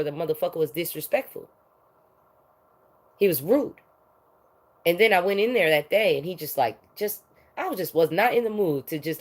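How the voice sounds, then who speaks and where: A woman giving a heated, profane monologue rant, swinging between loud outbursts and low muttering. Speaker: vlogger.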